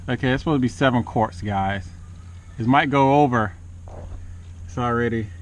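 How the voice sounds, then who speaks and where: A man's voice: mid-range voice, normal speed. A man doing a casual home car repair vlog, exclaiming as he works and chatting to his cat, caught on a camera mic as he moves around. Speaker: DIY car vlogger. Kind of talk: casual talk while working.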